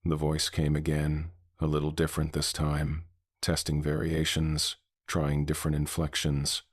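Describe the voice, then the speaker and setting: Male horror narrator, extremely deep, husky, measured and ominous. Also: monotone, no echo, studio quality. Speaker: horror storyteller.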